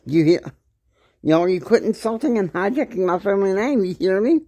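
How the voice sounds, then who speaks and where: A man's voice: lively intonation, brisk, no room sound. A man doing a furious screaming young woman. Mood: screaming angry. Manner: yelling, shrill, insulting.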